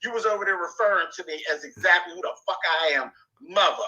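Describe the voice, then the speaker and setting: A man with a high, piercing, sharp-edged voice rants on a livestream. He taunts and curses, stretching out every insult. His delivery is mocking and profane. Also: fast, muffled recording. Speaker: YouTuber in a played clip. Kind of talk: livestream rant.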